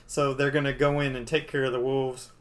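A man's voice: mid-range voice, flat delivery, brisk, fairly bright tone. Casual comic-book podcast host, man. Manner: casual, filler-heavy, playful. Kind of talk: casual chat, retelling a comic.

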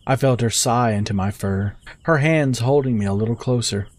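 A man telling a story in the first person with steady, measured scripted narration. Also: mid-range voice.

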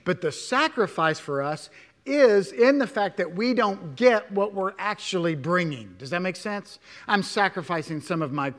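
A male pastor preaching a sermon in a church, stressing words loudly, then dropping to hushed asides, with many rhetorical questions. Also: high-pitched, lively intonation, normal speed. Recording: long hall reverb.

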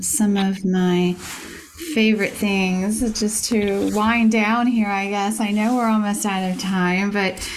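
Slow, halting woman interview host. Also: medium pitch, a little hiss or hum, poor audio. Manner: slow, halting, appreciative, with many fillers.

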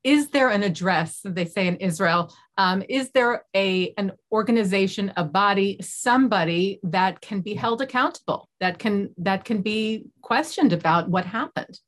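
Lady interviewer, probing questions, restarts a lot to find words, middle pitch. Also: moderate pace, few pauses.

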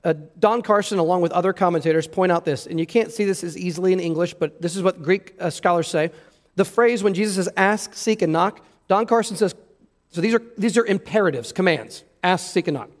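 A man's voice: high voice, a little fast. A pastor preaching an earnest sermon, emphatic and repeating words as he stresses his points. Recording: long hall reverb.

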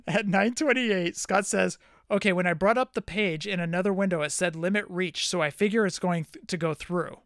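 Casting: male podcast co-host, animated laughing storyteller, dry close sound. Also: high-pitched, normal speed, dry recording. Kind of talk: casual chat, reading out text messages.

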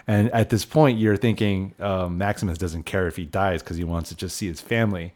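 Brief: man, 40s, very low voice, relaxed podcast host steering a movie talk. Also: quick pace, few pauses. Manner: steers the talk, hands off questions. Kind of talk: casual film review chat.

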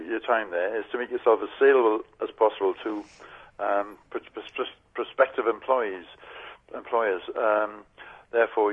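An older man with a Tyneside accent and a husky voice, telling rambling anecdotes in casual radio chat. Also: lowish voice. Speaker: regular guest, former journalism lecturer. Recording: tinny phone line.

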